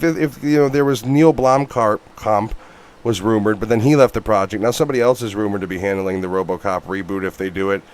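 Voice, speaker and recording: A man in a casual movie podcast chat, blunt and full of curses. His voice sits at an ordinary middle pitch, and he gets loud and animated when he rants. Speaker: podcast co-host.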